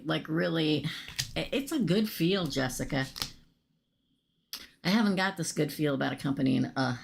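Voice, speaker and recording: A woman whose voice is giving out hosts a casual live tarot reading, chatting excitably with viewers and calling them by name. Her voice rumbles low and sounds creaky.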